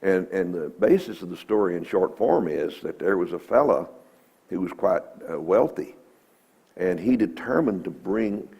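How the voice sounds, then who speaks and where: A man's voice: low voice, expressive, normal speed, creaky, dark tone, slightly rough, lo-fi sound. A man giving a folksy, emphatic Bible lesson in a church, quoting scripture. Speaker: Bible teacher.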